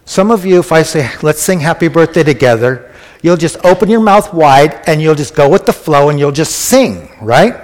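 A man's voice: fairly high pitch, lively intonation, normal speed. A man preaching a conversational sermon who often asks the congregation questions. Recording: echoey hall.

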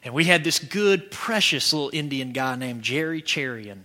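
A man from preaching a sermon, telling stories with animation and breaking into shouts. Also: medium pitch, moderate pace. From Georgia, USA. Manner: animated storytelling, bursts into shouting.

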